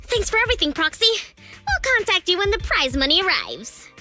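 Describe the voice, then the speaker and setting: A man voicing a bubbly, excitable young woman from a video game in a squeaky falsetto, reading her lines in a bouncy, cheerful way. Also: fairly quick, faint music behind, exaggerated voice. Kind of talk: reading game dialogue aloud.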